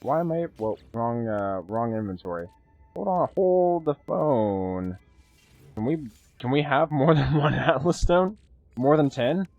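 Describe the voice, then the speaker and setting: A man streaming live gameplay, chatty and excitable, thanking viewers and swearing casually as he plays. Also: mid-range voice, normal speed, dry recording, lo-fi sound, soft background music.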